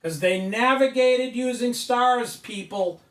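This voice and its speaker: A man's voice: very high voice, takes it slowly. A man giving an emphatic, preachy lecture at a whiteboard, recorded by a camera mic from a distance in an indoor room. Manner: emphatic, preachy, rising to loud insistence. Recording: echoey room, mic far off.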